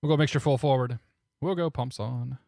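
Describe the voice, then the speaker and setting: A man's voice: mid-range voice, a little fast, gravelly, darkish tone. A man chatting casually on a live stream, laughing often and talking through his cockpit steps. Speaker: flight sim streamer.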